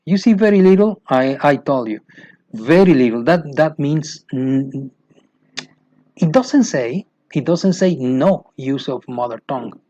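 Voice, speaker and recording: A man's voice: mid-range voice, slow pace, darkish tone, no room sound. A man with a Mexican Spanish accent, a native Spanish speaker, explaining a teaching method in English, repeating key words and asking rhetorical questions. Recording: dull lo-fi dry recording.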